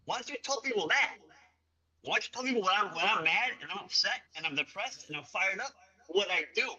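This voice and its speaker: A man's voice: high-pitched, animated, a little fast, pushed and bright, slightly rough, low-quality recording. A middle-aged man ranting angrily on a livestream, cursing and confronting someone directly. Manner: angry, profane, confrontational. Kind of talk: heated livestream rant.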